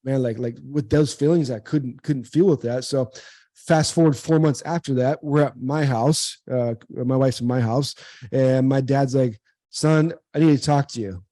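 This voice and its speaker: A man's voice: medium pitch, moderate pace, dark tone, no room sound. Earnest man telling a personal story. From United States. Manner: earnest, repeats words, acts out quoted dialogue. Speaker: guest, former pro baseball player and speaker. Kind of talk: emotional personal storytelling in an interview.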